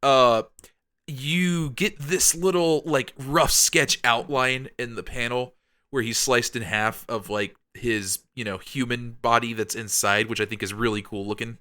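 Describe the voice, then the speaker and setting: A man's voice: mid-range voice, steady tone, measured pace, sharp tone. A man co-hosting a podcast, rambling upbeat through comic plot recaps with lots of fillers. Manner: rambling, many ums and likes, upbeat. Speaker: podcast co-host. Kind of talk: casual comic recap chat.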